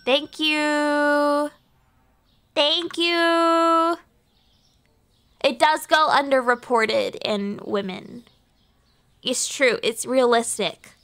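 A young woman streamer with a high, bright and sharp voice. She talks in an unhurried way, swearing and joking as she plays. Her commentary is loose and playful, and she talks straight to the customers in the game. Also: fairly even intonation.

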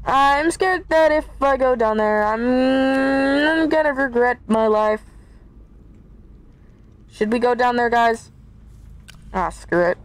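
Her voice sits high and her pace is slow as she plays a horror game for viewers, chatting and jumping at scares. She's a gaming YouTuber doing let's play commentary, captured in low quality with slight background noise.

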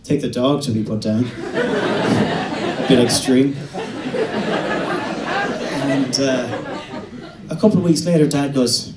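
Irish man, stand-up comic, halting deadpan delivery, echoey venue sound. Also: mid-range voice, background noise. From west of Ireland. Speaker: stand-up comedian. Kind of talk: stand-up comedy set. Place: comedy venue stage. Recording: roomy venue recording from a distance.

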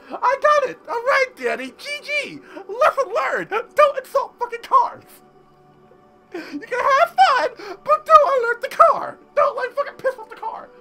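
Brief: high-pitched male gamer, unhurried between outbursts, foul-mouthed and giddy. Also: creaky. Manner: loud, excitable, constantly swearing and laughing. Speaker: gameplay video host. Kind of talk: let's-play commentary.

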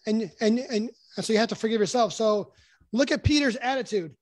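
A man teaching from the Bible in a casual podcast chat, earnest and halting with many restarts. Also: high-pitched, no echo. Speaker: podcast guest.

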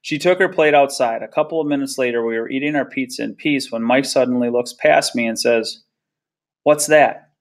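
A man reading a novel aloud chapter by chapter in a steady, plain storytelling manner. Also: medium pitch, fairly quick, few pauses. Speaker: reader.

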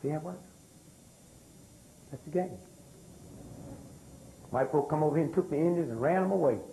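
This is an older man, addressing a live audience. His voice sits high for a man. He drives each point with rhetorical questions and call-and-response. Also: normal speed, mellow, slight background noise, rough recording. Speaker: speaker.

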